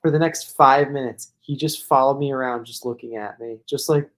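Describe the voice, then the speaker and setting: A man's voice: mid-range voice, steady tone, normal speed. A man co-hosting a podcast, telling a long casual story that rambles, full of "like" fillers. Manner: rambling, heavy use of "like", laughs while telling. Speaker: podcast co-host.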